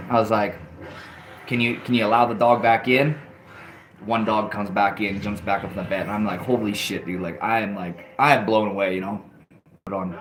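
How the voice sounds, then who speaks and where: A man's voice: lowish voice, slight background noise. A man vlogging, telling a story casually, with many restarts and fillers and frequent swearing.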